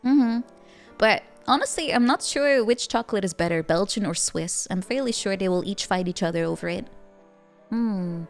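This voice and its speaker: A woman's voice: medium pitch, moderate pace, vocal fry, soft background music. A woman with a Dutch accent, a streamer chatting casually with viewers, giggling often and stammering through playful restarts.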